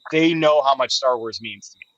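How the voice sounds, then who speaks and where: A man's voice: medium pitch, a little fast, fairly bright tone, no echo, highs cut off. Chatty man telling a story. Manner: chatty storyteller, laughs often. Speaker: livestream host. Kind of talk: casual chat.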